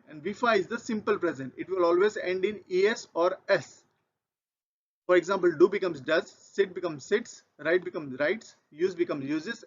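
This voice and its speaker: High-voiced Indian English grammar teacher. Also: male voice, slight background noise. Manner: methodical, repeats key points. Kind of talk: grammar lesson. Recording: dull lo-fi audio.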